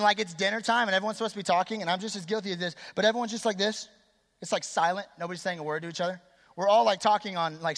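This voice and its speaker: High-voiced young pastor in a reverberant hall. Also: male voice. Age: 20s. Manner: energetic, chatty, quizzes and polls the crowd. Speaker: youth pastor. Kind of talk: youth sermon.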